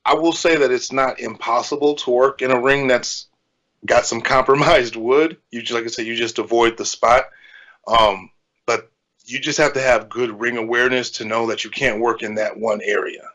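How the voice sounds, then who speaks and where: A man's voice: mid-range voice, fairly even intonation, normal speed, pushed and bright, low-quality recording. A man co-hosting a podcast who also wrestles, talking plainly in casual chat and explaining things.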